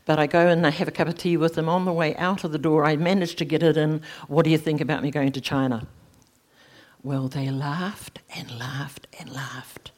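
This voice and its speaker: A middle-aged woman, giving a personal faith testimony in animated storytelling, her voice leaping high at emotional moments. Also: moderate pace. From New Zealand. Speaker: speaker sharing a testimony.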